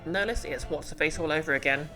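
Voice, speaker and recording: A woman with a very low voice chats casually to her stream, thinking aloud as she plays. Game music runs steadily behind her words. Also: fast talker. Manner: chatty, musing aloud.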